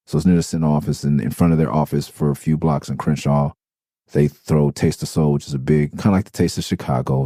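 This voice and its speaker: This casual storytelling monologue comes from a middle-aged Los Angeles podcast host with a very low, gravelly, dark and mellow voice. He rambles, swears freely, and keeps restarting sentences, recorded close and dry with no room sound.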